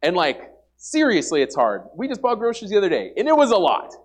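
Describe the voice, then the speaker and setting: A man's voice: high voice, wildly swooping pitch, fast talker. A young man preaching an informal sermon to a church congregation, earnest and emphatic, often repeating himself and using "like" as a filler. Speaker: lay preacher. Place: church service before a congregation.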